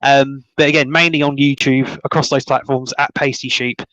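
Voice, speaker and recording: A man's voice: medium pitch, flat delivery, moderate pace, pushed and bright, no room sound, lo-fi sound. A man joining a film podcast as a guest, talking loosely and laughing a lot as he goes. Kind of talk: casual podcast chat.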